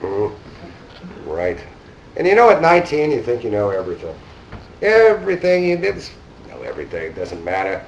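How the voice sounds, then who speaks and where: A man's voice: low-pitched, a little hiss or hum. New man telling a rambling story. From New York. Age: 50s. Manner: rambling, casual, acts out quoted dialogue. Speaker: conference speaker. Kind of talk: anecdotal storytelling talk. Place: conference hall. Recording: distant mic in a hall.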